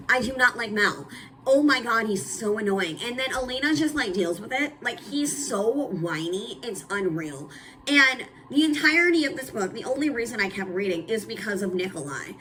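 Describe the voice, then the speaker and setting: A woman's voice: mid-range voice, pushed and bright, slight background noise, rough recording. A young woman casually reviewing books, blunt and emphatic, with lots of "like" and "um". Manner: blunt, emphatic and candid, with frequent "like" and "um". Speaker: book reviewer. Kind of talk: casual book review chat.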